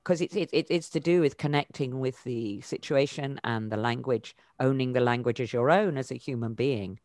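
A woman's voice: rumbling low, moderate pace, a little mellow, no echo, clean studio sound. A woman, a voice coach answering interview questions thoughtfully, with many fillers and restarts and sudden emphatic lifts.

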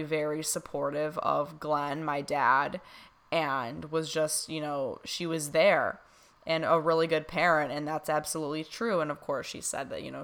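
A woman's voice: deep voice, gravelly. A young woman chatting casually to camera, filling her talk with "you know" and "like" and laughing often. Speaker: vlogger recounting a reading. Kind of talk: casual chat.

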